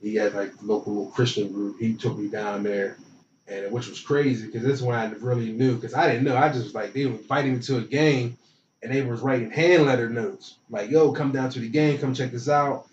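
A young man telling stories in casual conversation, animated and acting out the voices of people in his anecdotes. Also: medium pitch, brisk, recorded from a distance. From from a small town. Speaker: interview guest. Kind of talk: casual storytelling. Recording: roomy, dull and slightly noisy.

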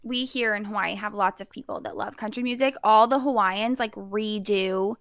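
Bright-voiced woman co-hosting a podcast. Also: medium pitch, normal speed, dry recording, studio quality. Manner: upbeat, uses trendy slang. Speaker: podcast co-host. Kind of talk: casual chat.

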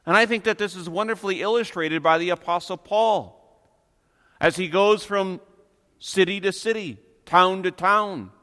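A man's voice: sits high, sharp tone. Earnest man preaching in a hall. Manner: earnest, emphatic preaching with slow stressed phrases. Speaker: pastor. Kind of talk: sermon.

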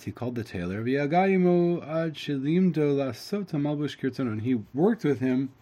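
A man teaching, reading a story aloud and translating it line by line, halting often with fillers and restarts. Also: mid-range voice, a little mellow. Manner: halting, with fillers and self-corrections.

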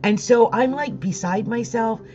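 A woman's voice: fairly high pitch, measured pace, warm tone, dull audio, soft background music. A woman vlogging about astrology, talking casually and emotionally, rambling with laughs and close to tears. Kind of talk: casual monologue to viewers.

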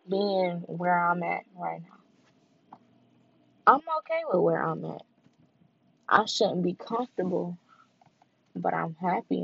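A woman's voice: on the low side, creaky, slightly rough, dry recording. A woman vlogger talking in a candid, heartfelt freestyle monologue, repeating herself as she goes. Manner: candid, heartfelt, repetitive and conversational. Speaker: vlogger and podcaster. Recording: dull lo-fi recording.

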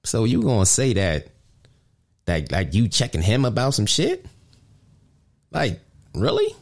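A man hosting a podcast, ranting indignantly in casual, profane street slang, often jumping high with emphasis. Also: wildly swooping pitch, a little slow. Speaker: podcast host.

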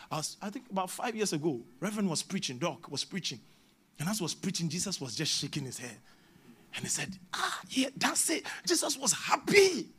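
A man with a Ghanaian English accent preaching a sermon as a prophet, moving between hushed asides and shouted exhortation. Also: fairly high pitch, husky.

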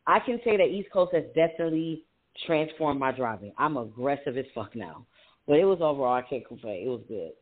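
A man co-hosting a casual podcast, telling stories in an animated way with heavy swearing. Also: mid-range voice, a little fast, breathy edge. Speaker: podcast co-host and poet. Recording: tinny phone-like sound.

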